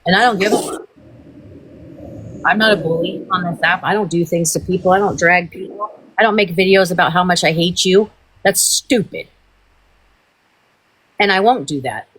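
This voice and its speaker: A woman's voice: fairly low pitch, normal speed, long pauses, fairly bright tone, breathy edge. A woman hosting a livestream, in a heated, profane and rambling rant. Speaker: livestream host.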